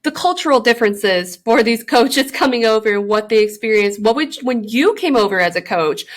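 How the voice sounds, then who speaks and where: Podcast host: a young woman with a fairly high voice, upbeat and effusive with her guest. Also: expressive, normal speed. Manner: enthusiastic, effusive. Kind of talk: interview hosting.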